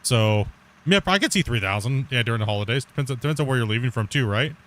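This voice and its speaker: A man in the middle of a relaxed gaming session, talking off the cuff at an everyday middle pitch. He rambles, circles back on his own words and breaks into laughs as he goes. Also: fast talker. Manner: rambling, repeats himself, laughs easily. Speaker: gaming streamer. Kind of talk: casual chat while playing.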